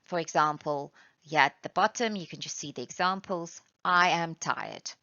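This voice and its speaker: Woman teacher from South Africa, lowish bright voice, patient step-by-step explainer; dry, lo-fi recording. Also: no room sound. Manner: patient, explains step by step, reads examples aloud slowly. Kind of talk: classroom lesson. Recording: dull, lo-fi sound.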